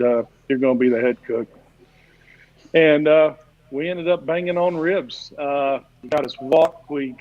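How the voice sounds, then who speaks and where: Folksy rambling man, lo-fi audio. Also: medium pitch. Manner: rambling, folksy, many "uh" fillers. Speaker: barbecue class teacher and guest. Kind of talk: casual storytelling chat. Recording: dull lo-fi stream audio.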